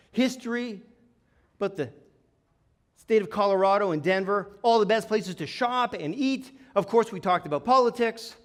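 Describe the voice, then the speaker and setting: Energetic, high-voiced keynote speaker. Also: male voice. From Toronto, Canada. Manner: energetic, humorous storytelling with audience banter. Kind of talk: live comedic keynote presentation. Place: conference stage before a live audience.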